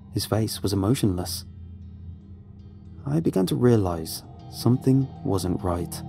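Mellow-voiced man narrating a horror story. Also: fairly low pitch, creaky. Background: faint music.

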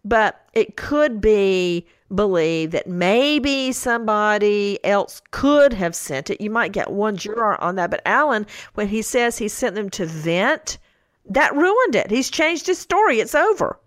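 A woman's voice: medium pitch, lively intonation, a little slow, no room sound, clean studio sound. A middle-aged woman co-hosting a podcast, telling stories with incredulous outbursts. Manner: storytelling, quoting her kids with incredulous outbursts. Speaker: co-host. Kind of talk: animated true-crime podcast chat.

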